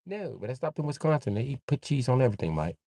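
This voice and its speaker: Animated, profane man on a livestream. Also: medium pitch, quick pace, gravelly, no echo. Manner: profane, joking, laughs often. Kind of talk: casual livestream rambling.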